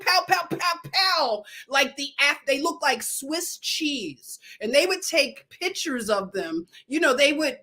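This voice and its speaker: Chatty Philly woman, slow and digressive. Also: sits high, bright, forceful tone. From Northeast Philadelphia. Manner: chatty, digressive, loses her thread. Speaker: nurse livestreamer. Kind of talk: casual livestream storytelling.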